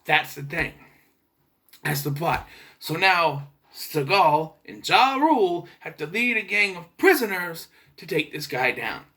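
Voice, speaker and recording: A young man chats his way through a movie review, sarcastic and loose. His voice is bright and fairly high, and it swings up and down a lot as he talks. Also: big pitch swings, unhurried. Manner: chatty, sarcastic, clears throat. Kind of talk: casual video review.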